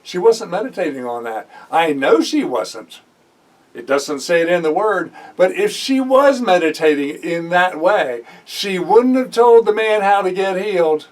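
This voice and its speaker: A man's voice: high voice, unhurried. A man preaching a sermon who tells a Bible story with animation, acts out its characters' voices and drives his points home by repeating phrases. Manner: animated storytelling, acting out the voices of biblical figures. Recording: voice heard from a distance off the mic.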